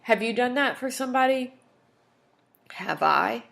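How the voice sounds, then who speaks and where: A woman's voice: a little high, expressive, unhurried, gravelly, fairly bright tone. A woman hosting a podcast, telling a personal story in a candid, emotional, chatty way. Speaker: podcast host.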